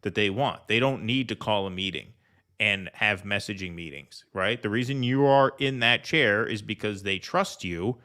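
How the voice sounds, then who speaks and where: A man's voice: fairly low pitch, normal speed, sharp tone. A man co-hosting a political commentary stream, talking bluntly and combatively, with some swearing. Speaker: co-host.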